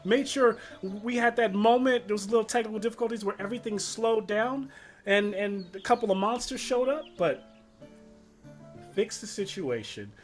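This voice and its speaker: A man's voice: sits high, normal speed, faint music behind, voice pushed up, close to an everyday voice. A man doing a showy festival announcer lady. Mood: announcing. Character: proud festival host woman, grand and theatrical.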